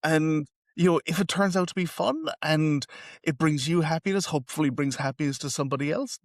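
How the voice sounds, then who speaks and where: A man's voice: fairly high pitch, fairly quick, no room sound, clean studio sound. A man hosting a podcast interview, talking in a reflective, rambling way. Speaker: podcast host. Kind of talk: casual interview.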